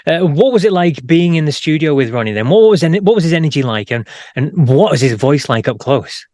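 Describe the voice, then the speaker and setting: A man hosting an interview fires off his questions quickly and eagerly, in a mid-pitched voice. His sound is dry and close, with no room around it. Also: big pitch swings, a little mellow, no echo. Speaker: interview host.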